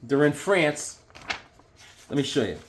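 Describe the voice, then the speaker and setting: Excitable man rambling about his comics. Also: a little high, slow. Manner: excited, rambling, with frequent fillers and restarts. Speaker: comic book collector reviewing issues. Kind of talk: casual show-and-tell vlog.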